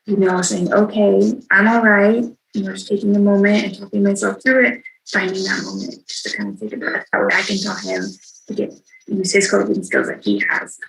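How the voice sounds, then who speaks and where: A woman's voice: mid-range voice, gravelly, a bit bright, low-quality recording. A woman giving a virtual training to caregivers in a conversational way, often checking in with "right?". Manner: conversational, frequent tag "right?". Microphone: video call.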